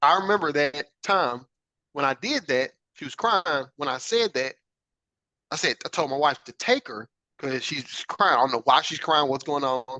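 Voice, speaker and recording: A podcast host, an adult father, tells a personal story earnestly and reflectively, often checking in with "right?". His voice is a little high and bright, with a forceful tone and a moderate pace. The audio is poor, with no room sound.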